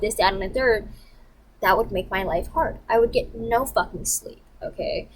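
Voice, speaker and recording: Profane, animated woman ranting. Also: a little high, poor audio. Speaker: vlogger. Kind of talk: casual storytelling rant.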